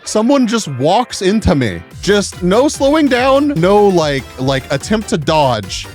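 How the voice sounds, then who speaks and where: Animated, swearing man telling a story. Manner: profane and animated, pitch jumping up when exasperated. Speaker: vlogger. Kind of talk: casual storytelling.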